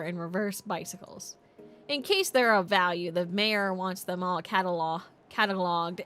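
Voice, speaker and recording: A woman voicing a formal, rambling small-town tourism officer in a video game, speaking slowly and low. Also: bright, forceful tone, natural voice. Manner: formal, slow and long-winded.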